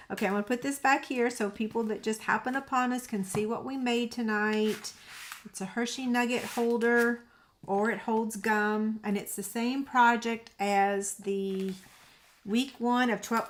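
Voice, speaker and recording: A woman's voice: on the high side, a bit bright. A middle-aged woman, hosting a crafting livestream and chatting casually with viewers by name.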